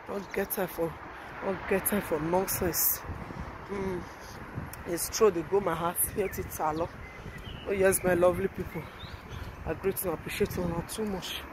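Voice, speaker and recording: A woman with a Nigerian Pidgin English accent walks along a road and vlogs into her phone, taunting her rivals in a mocking, repetitive way. Her voice jumps from calm to loud. Clear outdoor noise runs under the whole recording. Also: medium pitch. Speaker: vlogger. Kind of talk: outdoor gossip vlog.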